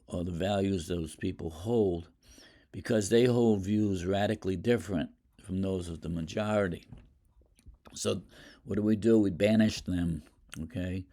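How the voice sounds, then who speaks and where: An older man giving an informal poetry lecture as a teacher, rambling with many fillers and clearing his throat. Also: lowish voice, fairly even intonation, normal speed, mellow.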